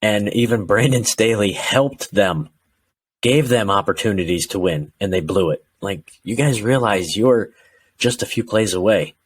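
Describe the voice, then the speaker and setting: A man with a fairly low voice talks football with a co-host in a relaxed podcast chat. He gets animated and slips into mock voices of frustrated fans. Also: unhurried, husky. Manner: animated, acts out fans' rants in quoted voices. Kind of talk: casual sports chat.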